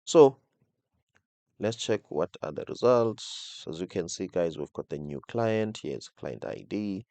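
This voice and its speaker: Low-voiced man teaching code, "okay?" after every point. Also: lively intonation, a little slow, mellow, no room sound. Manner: explains step by step, tags nearly every phrase with "okay?"; repeats and restarts words while thinking aloud. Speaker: coding instructor. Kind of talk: screen-recorded coding tutorial.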